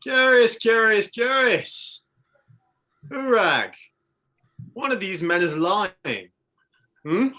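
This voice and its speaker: A man voicing a menacing male adventurer who interrogates prisoners in a drawn-out, taunting, theatrical way. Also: high voice, animated, pushed and bright, voice pushed up, full character voice.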